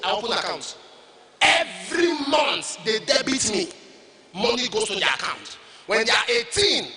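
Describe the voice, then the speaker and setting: A Nigerian pastor in a sermon, with a man's voice that sits very high. He shouts and chants his points in a sing-song rhythm. He sounds far from the mic in an echoey hall. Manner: emphatic, shouted lines and sing-song repetition.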